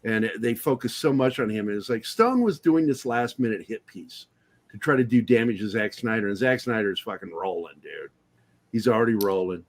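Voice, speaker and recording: A man's voice: fairly low pitch, animated, fairly quick. A man talking as a guest on a casual podcast, heated and rambling, swearing often and restarting his sentences. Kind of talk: casual movie-review chat.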